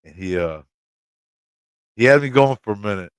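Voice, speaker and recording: Midwestern man, livestream host, loose rambling storyteller, smooth clear voice, dry close sound. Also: fairly low pitch, animated, normal speed, dry recording. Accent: American Midwestern. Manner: rambling, swears freely, laughs often. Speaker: channel host talking to live chat.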